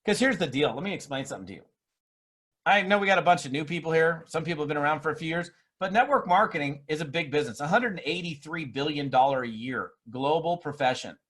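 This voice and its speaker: A man with a fairly high voice delivers a motivational seminar talk. He is emphatic and lively. He mocks skeptics with put-on voices. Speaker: network marketing speaker.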